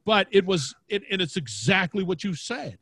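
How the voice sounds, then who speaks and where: An energetic man with a big booming voice, chatting casually in a podcast interview and laughing often. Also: moderate pace, breathy edge, no room sound. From Louisiana, United States. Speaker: podcast host and guest. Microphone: podcast mic.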